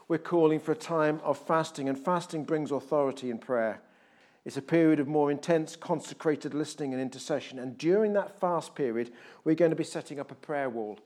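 A man preaching a sermon and giving church announcements in a conversational, jokey way. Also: a little high. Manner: conversational, jokey asides, animated shifts in volume. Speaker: pastor. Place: church hall.

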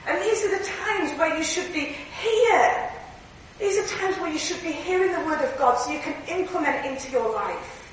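A woman preaching a sermon in a church, earnest and lively, often laughing through her stories. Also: very high voice, normal speed, a little hiss or hum. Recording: echoey hall from far off, faint ambience.

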